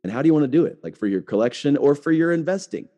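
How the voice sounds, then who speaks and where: A man's voice: a little high, lively intonation, racing, dark tone. A middle-aged man hosting a podcast, talking casually with lots of "like" and restarts. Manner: chatty, full of "like" and restarts. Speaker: podcast host.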